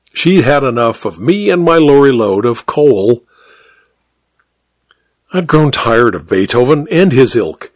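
Lively male storyteller, dry close sound. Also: mid-range voice, no echo. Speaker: narrator. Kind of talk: scripted first-person story narration.

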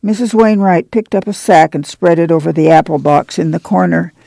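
A man narrating a novel in a calm, measured reading. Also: a little high, gravelly, no echo. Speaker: audiobook narrator. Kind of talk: scripted narration.

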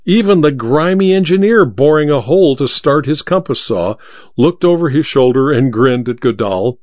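A man reads an audiobook in an expressive storytelling manner, his voice at a middle pitch. His delivery is animated, moving widely through its range. The recording is dry and dull, with a lo-fi sound. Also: normal speed, no echo. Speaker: narrator. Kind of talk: audiobook narration.

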